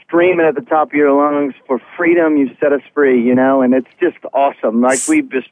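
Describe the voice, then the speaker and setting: A man's voice: mid-range voice, steady tone, fairly quick, dry recording. A male musician calling in by phone for a radio interview from outside a tour bus at a concert, upbeat and rambling. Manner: upbeat, rambling, lots of "um" and "man". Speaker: musician guest. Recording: tinny phone line.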